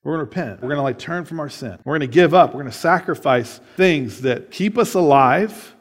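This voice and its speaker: A man's voice: on the high side, expressive, brisk, big-room sound. A man preaching a sermon, reading scripture aloud and explaining it in a casual way, often checking in with "right?". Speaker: pastor.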